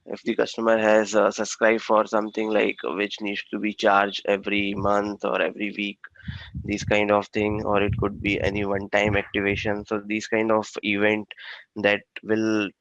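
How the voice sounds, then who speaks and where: A male instructor giving a technical training lecture, talking in a halting way with frequent fillers and restarts. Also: lowish voice, a bit bright, no room sound, lo-fi sound.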